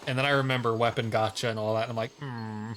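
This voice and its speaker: A man's voice: mid-range voice, steady tone, racing, fairly bright tone, poor audio. A man streaming a video game, chatting casually and rambling with lots of filler words. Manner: rambling, heavy use of "like" fillers. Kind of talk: casual gameplay commentary.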